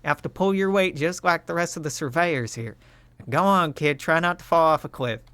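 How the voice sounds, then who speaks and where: A brash, bossy surveyor woman from a game, teasing and drawling with a put-on accent, as a man voices her. The voice is pushed noticeably high and lively. It is recorded close and dry. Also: moderate pace, no echo, full character voice.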